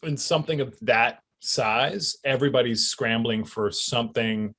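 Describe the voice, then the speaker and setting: A middle-aged Canadian man, an actor, chatting in an interview in a relaxed, reflective way with chuckles and fillers. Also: mid-range voice, normal speed. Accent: Canadian English. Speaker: actor guest. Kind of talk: casual interview chat.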